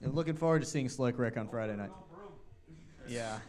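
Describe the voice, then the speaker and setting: A man's voice: medium pitch, brisk, a little mellow. A man hosting a casual team show, teasing and reading out fan questions. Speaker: show host. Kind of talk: casual chat.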